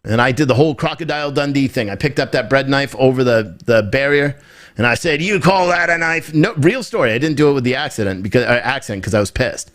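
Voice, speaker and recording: A man's voice: mid-range voice, fast talker. A man from the United States giving off-the-cuff political commentary on a live stream. He repeats his points, asks rhetorical questions and often restarts his sentences. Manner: emphatic and repetitive, hammering points with rhetorical questions; rambling, with frequent restarts. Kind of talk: off-the-cuff commentary reacting to viewer chat.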